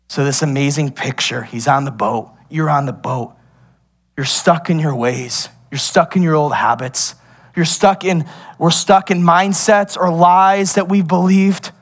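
A young man preaching a sermon as pastor, animated and laughing often, drifting into playful tangents. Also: a little high, measured pace.

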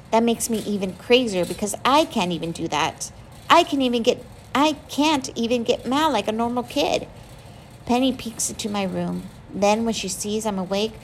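Woman audiobook reader, first-person novel, expressive, gravelly, faint hiss. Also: medium pitch, rough recording. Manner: emotional, expressive reading.

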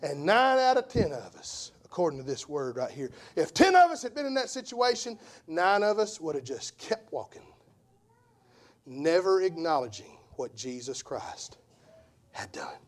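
A man preaching an impassioned sermon as an evangelist, repeating phrases for emphasis and swinging from hushed tones to shouts. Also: on the high side, sing-song, moderate pace.

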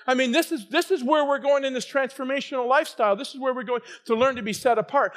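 A middle-aged man preaching a sermon as pastor, energetic and often rising to shouted emphasis. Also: very high voice, quick pace, few pauses. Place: church sanctuary.

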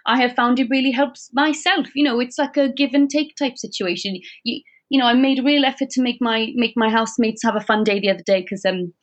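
A woman's voice: a little high, steady tone, a little fast, hardly any pauses, close to an everyday voice. A woman talking in a put-on Welsh accent, chatty and rambling in casual conversation. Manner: chatty, rambling, sing-song. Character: young woman telling her week in a mock Welsh lilt. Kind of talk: casual chat.

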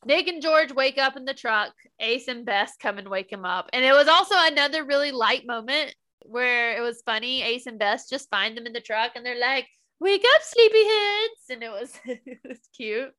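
A young woman chatting casually as a podcast co-host, bright and a little high in tone. She recaps the story with open, gushing feeling, easily moved. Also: normal speed. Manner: emotional, gushing recap with laughs and quoted lines. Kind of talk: casual chat.

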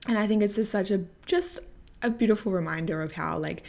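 Speaking briskly with vocal fry, a young woman shares a story and coaching tips on her personal growth vlog. Her medium-pitched voice has a darkish tone. She's candid and casual, swearing freely and laughing often.

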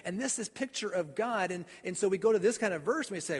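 A man delivers a sermon in a high, somewhat breathy voice. He speaks earnestly and often stumbles over and repeats his words. His voice rings out through a church hall with a long reverb. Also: lively intonation, brisk. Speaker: pastor. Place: church sanctuary.

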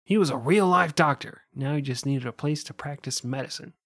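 A man with a fairly high voice narrates a true crime tale in a loose, joking way, dropping curses and laughing along. The sound is dry and close, with no room around it. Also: brisk, a bit bright, dry recording. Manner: profane, joking, laughs often. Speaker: podcast co-host telling a true crime story. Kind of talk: casual storytelling with jokes.

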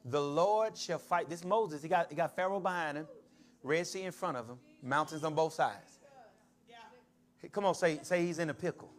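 A man preaching a sermon, calling out to his congregation and building to shouts. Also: fairly high pitch, moderate pace, pauses often. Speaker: pastor.

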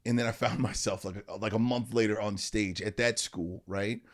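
A man's voice: lowish voice, steady tone, normal speed. A middle-aged man, a motivational speaker, telling a personal story as an interview guest in an earnest way, often checking in with "right?" and "you know".

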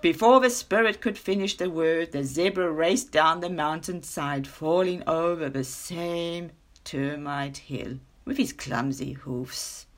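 A woman narrating a children's story in an expressive, dramatic read-aloud style. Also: deep voice, slow pace. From South Africa.

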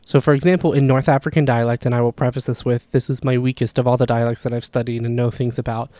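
A man who is not a native Arabic speaker explains grammar in a relaxed, chatty teaching style, full of asides. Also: mid-range voice, fast talker, dry recording. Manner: relaxed, chatty, frequent "like" and "you know" asides. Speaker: language teacher. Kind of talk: casual explanatory lesson.

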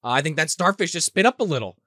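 A man on a podcast casually recapping a movie, with crude jokes and animated retellings of the scenes. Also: a little high, very fast, no echo, studio quality. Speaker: podcast co-host.

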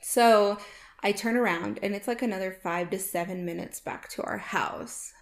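A woman's voice: medium pitch, normal speed, creaky. A woman in her thirties, a mother co-hosting a podcast, chatting casually and telling a story full of "like". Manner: chatty storyteller, frequent filler "like". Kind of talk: casual chat, anecdote telling.

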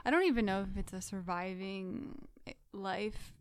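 A woman's voice: medium pitch, a little slow, clean tone, no echo, studio quality. A young adult woman co-hosting a podcast, chatting casually with lots of hesitant fillers. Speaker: podcast co-host. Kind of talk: casual chat.

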